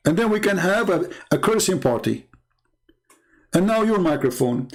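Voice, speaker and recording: Scornful, mocking man with a higher voice. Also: lively intonation, moderate pace, pauses often. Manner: combative, heated rhetorical questions. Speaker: show host. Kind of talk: monologue commentary.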